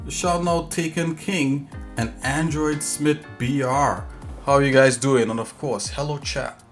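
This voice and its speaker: A man's voice: mid-range voice, steady tone, measured pace, faint music behind. A man hosting a casual livestream as a game developer, talking in an easygoing, rambling way with lots of fillers.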